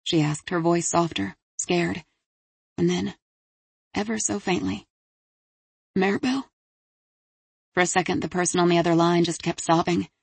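A woman narrating an audiobook in a steady, measured way. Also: on the low side, vocal fry, husky, no room sound. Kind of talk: scripted narration.

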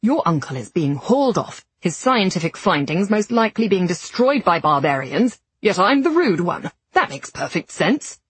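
A woman voicing a brusque, sardonic young gentleman who talks with curt, dry sarcasm. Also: fairly low pitch, big pitch swings, normal speed, few pauses, slightly rough, no room sound.

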